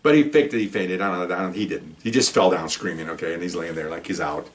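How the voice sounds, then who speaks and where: A man's voice: deep voice, fast talker. An older man, a retired police officer, telling stories in a casual, rambling way with frequent restarts and asides. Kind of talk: casual anecdotal storytelling.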